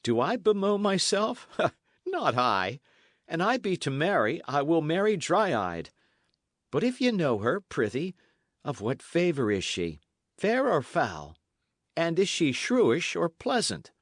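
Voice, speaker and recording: A man voicing a bold, cheerful young squire who speaks loudly and forthrightly in an old-fashioned storybook tale. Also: fairly high pitch, wildly swooping pitch, slow, dry recording, studio quality, voice pushed up, heavily acted. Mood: hearty. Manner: loud, hearty, forthright.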